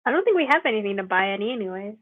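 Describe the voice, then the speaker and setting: A woman's voice: medium pitch, expressive, racing, dry recording, narrow, tinny audio. A woman playing a tabletop role-play game, giggling and narrating her character's actions. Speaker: player.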